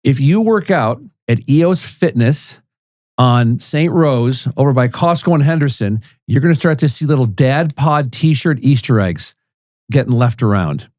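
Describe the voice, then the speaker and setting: A man co-hosting a casual podcast, mostly chiming in with short agreeing responses and talking quickly when he gets going. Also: mid-range voice, lively intonation, a little mellow, no echo, studio quality. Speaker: podcast co-host.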